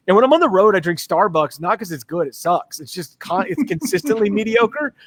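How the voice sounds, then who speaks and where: A man talking casually and with high energy, acting out other people in his anecdotes. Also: slight background noise. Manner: energetic, fast-talking, acts out voices in anecdotes. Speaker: guest. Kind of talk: casual storytelling in a talk.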